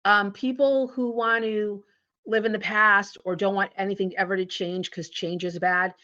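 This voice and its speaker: Woman, interview guest, animated storyteller, acts out dialogue, mid-pitched voice, dull lo-fi sound. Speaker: guest, founder and CEO. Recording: dull lo-fi audio.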